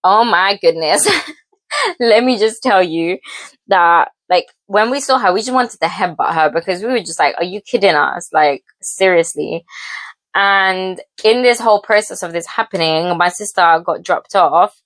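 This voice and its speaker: A woman's voice: mid-range voice, moderate pace, a bit bright, no echo. A young woman vlogger chatting casually as she cooks, giggly and full of fillers. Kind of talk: casual storytelling while cooking. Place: home kitchen.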